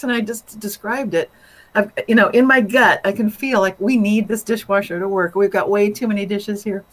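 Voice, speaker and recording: A woman's voice: medium pitch, a little fast, poor audio. A woman, a guest author, telling an anecdote in casual chat and laughing often. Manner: animated, laughs often while telling a story.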